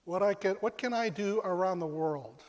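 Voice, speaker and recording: Male pastor, sermon delivery, dramatic pauses and hushed drops, high voice in a reverberant church. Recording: long reverb of a large hall.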